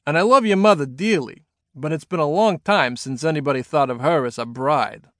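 A man's voice: on the high side, fairly quick, fairly bright tone, dry recording. Man doing a super old skeleton guy, dry, offhand, kinda amused. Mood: wry. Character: ancient skeletal old man, wry and unbothered.

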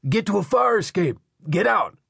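A man voicing a grown man shouting urgent warnings to neighbors. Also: high-pitched, big pitch swings, normal speed, vocal fry, slightly rough, dry recording, studio quality, voice pushed up, exaggerated voice.

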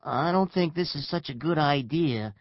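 A man's voice: on the high side, moderate pace, no room sound, highs cut off, lightly acted. A man voicing a nervous, worried young boy who frets and complains in a children's audiobook. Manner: fretful and complaining.

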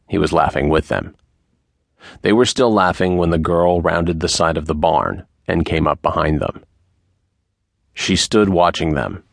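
Deep gravelly guy reading a western crime novel slowly, dry sound. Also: no echo. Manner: slow, measured reading. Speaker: audiobook narrator. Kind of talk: scripted narration.

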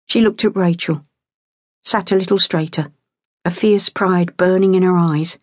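A woman narrating an audiobook in a steady, measured storytelling voice, close to a studio mic. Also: on the low side, no room sound. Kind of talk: scripted narration.

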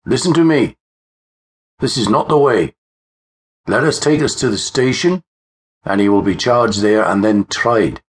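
A man voicing a stern Victorian police constable who speaks in a loud, commanding, formal way, in an audiobook. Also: fairly low pitch, expressive, fast talker, few pauses, pitched above the performer's own voice. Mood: urgent.

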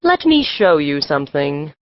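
An actress voicing a mysterious adult shopkeeper in a full-cast audiobook, with a dry, husky voice and a slow, secretive, enticing way of talking. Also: female voice, deep voice, sing-song, no room sound, lo-fi sound. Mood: welcoming. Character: mysterious adult woman magic shopkeeper, cryptic and intense.

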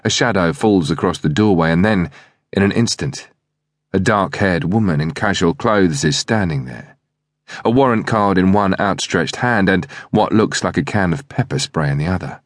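A man narrating an audiobook thriller in the first person, reading in a measured, steady way. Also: sits low, no echo, studio quality.

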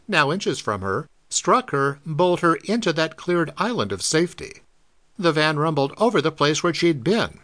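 A male narrator reads pulp fiction with dramatic flair, his pitch swinging widely. His voice sits somewhat high for a man. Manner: dramatic, expressive reading. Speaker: audiobook narrator.

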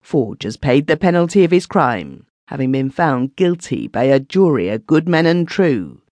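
A man's voice: fairly high pitch, big pitch swings, moderate pace, a little mellow, dry recording. A man voicing Migsworth, a pompous, lecturing widower. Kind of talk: audiobook character voice.

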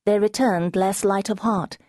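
A woman's voice: mid-range voice, steady tone, unhurried, a little mellow, dry recording, voice pushed up, lightly acted. An earnest young woman who can sense truth speaks in a raised, urgent voice, as a woman narrator puts her on. Her tone turns dry and knowing between pleas. It is a storybook reading recorded very dry and close.

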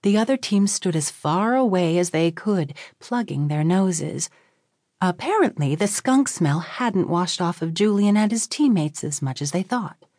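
A woman reading a children's audiobook as narrator in an expressive, clear storytelling manner. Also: on the low side, a little slow, no echo, studio quality.

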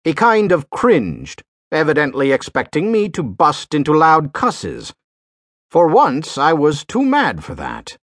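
Male narrator, slow folksy sailor-dialect drawl with an animated melody. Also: fairly high pitch, dry recording, studio quality. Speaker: audiobook narrator. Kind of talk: scripted audiobook narration.

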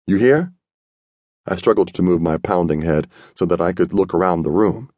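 A man narrating a first-person audiobook in a streetwise, slangy, gruff manner. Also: sits low, steady tone, a little fast, mellow, no echo, lo-fi sound.

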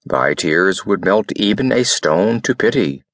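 A man voicing a male frog who speaks slowly and solemnly in old-fashioned words. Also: low-pitched, lively intonation, a bit bright, dry recording, clean studio sound, heavily acted. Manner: slow, deliberate, archaic speech.

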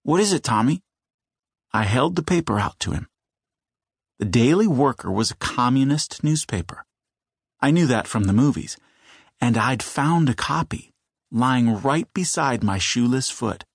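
A man narrates a children's novel in a steady, mid-pitched voice. He takes his time and slows for suspense, recorded close and bone dry in a studio. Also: gravelly, husky, no echo. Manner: measured storytelling, slowing for suspense. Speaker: audiobook narrator. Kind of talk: scripted children's audiobook narration.

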